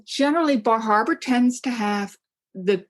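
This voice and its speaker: Speaking in a fairly high, expressive voice at normal speed, a Maine woman who writes travel guidebooks talks eagerly as an interview guest. The chat is casual, and she often uses fillers and starts her sentences over.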